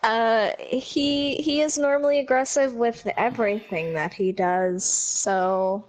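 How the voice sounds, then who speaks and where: A woman's voice: a little high, slow pace. A woman appearing as a guest on a wrestling commentary show, answering in a dry, matter-of-fact way. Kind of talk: in-character guest chat.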